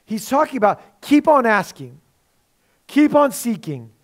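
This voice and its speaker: A man's voice: very high-pitched, big pitch swings, measured pace. A male pastor preaching a sermon in a conversational way, with rhetorical questions.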